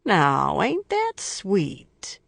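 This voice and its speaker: An audiobook narrator voicing a loud, leering drunk American man from Chicago, his words slurred. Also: mid-range voice, huge pitch swings, very slow, creaky, no room sound, heavily acted.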